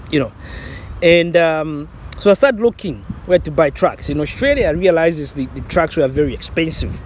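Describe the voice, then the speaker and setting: A man's voice: on the high side, lively intonation, normal speed, a little hiss or hum. A man from Zambia casually telling a personal story, rambling with many restarts and fillers and laughing at himself. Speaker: vlogger.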